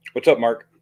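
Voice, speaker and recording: A man's voice: mid-range voice, gravelly, darkish tone, breathy edge. A man giving heated, profane livestream commentary, rambling with frequent restarts and fillers.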